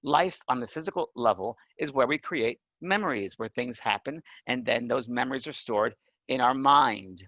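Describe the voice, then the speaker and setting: A man's voice: medium pitch, normal speed, bright, forceful tone, no echo, muffled recording. A man teaching a course on mediumship, talking earnestly and emphatically and checking in with his listeners. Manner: earnest, emphatic, often asks the listener "right?". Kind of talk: spoken lesson.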